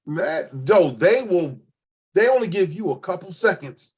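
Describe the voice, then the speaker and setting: A man from Cleveland, a spoken word poet, spins stories as an interview guest. He talks casually, with a husky, slightly high voice, and his pitch swings widely as he acts out the people he quotes. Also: unhurried. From Cleveland, Ohio. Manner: animated storyteller acting out quoted voices, colloquial.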